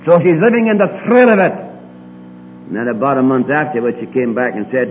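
A man preaching a sermon, swinging between emphatic rises and quiet low asides. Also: animated, moderate pace. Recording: tinny lo-fi recording with long hall reverb and faint hum.

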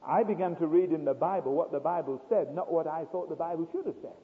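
A man preaching a storytelling sermon, dramatic and swinging between hushed and loud delivery. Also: on the high side, fast talker. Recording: tinny phone-like sound in a reverberant hall.

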